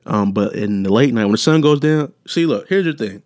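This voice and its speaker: A man's voice: medium pitch, lively intonation, a little fast, a little mellow, clear, resonant tone. A young man hosting a solo podcast, rambling and joking, profane and casual, wandering off topic. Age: young adult. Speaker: podcast host.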